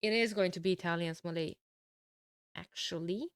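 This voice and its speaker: A woman with a lowish, smooth but hoarse voice calls a strategy game match. She sounds sick and keeps her energy down, pausing on fillers. The sound is dry and close to the mic. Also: no echo. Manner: low-energy, with throat-clearing and fillers. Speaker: tournament caster. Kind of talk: game commentary.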